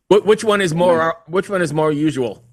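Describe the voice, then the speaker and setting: A man hosting a podcast, interviewing his guest in an easygoing way and trailing off quietly. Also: on the high side, lively intonation, moderate pace. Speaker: podcast host.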